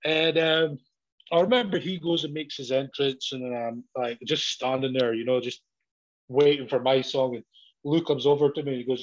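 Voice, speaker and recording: A man, a professional wrestler, telling sweary, animated stories in casual chat and acting out both sides of each exchange. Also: medium pitch, normal speed. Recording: dull lo-fi audio.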